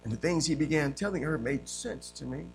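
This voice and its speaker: A man preaching a sermon as pastor, telling his own testimony, swinging from loud, emphatic passages to hushed, quiet ones. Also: a little high, lively intonation, brisk, gravelly, faint music behind.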